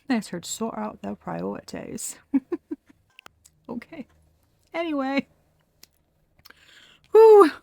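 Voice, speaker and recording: A woman's voice: a little high, gravelly, fairly bright tone, no echo. Blunt, profane woman tarot reader. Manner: blunt and profane, laughing often. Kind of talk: casual tarot reading.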